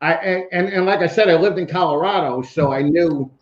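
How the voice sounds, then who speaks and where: A man's voice: fairly high pitch, fairly quick, echoey room, dull audio. A man with a New York accent, a podcast guest telling rambling, profane stories in casual chat.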